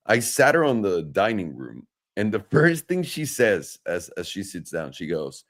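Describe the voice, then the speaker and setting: A man from Mexico with a lowish voice tells a story in a loose, profane podcast chat. He talks with energy and acts out each person's lines as he goes. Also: moderate pace, hardly any pauses. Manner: animated, profane, acts out quotes. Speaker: podcast host.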